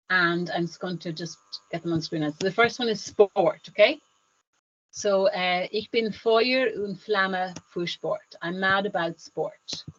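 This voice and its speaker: A woman's voice: medium pitch, fairly bright tone, muffled recording. A woman, teaching German online in an upbeat exam-prep lesson and switching between German and English.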